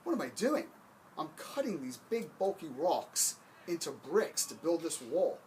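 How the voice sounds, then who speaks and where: Exasperated laborer, fed up and short-tempered, put on by a man speaker, raised pitch. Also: sing-song, a little slow, a little mellow, slight background noise. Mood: irritated. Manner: snapping, exasperated. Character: hot, worn-out male stonecutter, curt and irritated.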